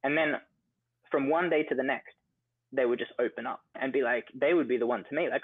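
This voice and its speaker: A young Australian man, a coffee entrepreneur appearing as a guest, tells stories in a casual interview, chatty and full of fillers like "like" and "you know." His mid-range voice moves fairly quickly, and the audio is dry and phone-like with no room sound.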